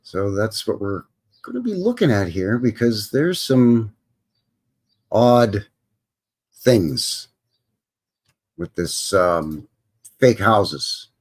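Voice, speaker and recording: A man's voice: lowish voice, very animated, extremely slow, long pauses, breathy edge. A man with a Canadian accent, hosting a livestream in a rambling, chatty way and often correcting himself. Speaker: host. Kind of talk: casual livestream commentary.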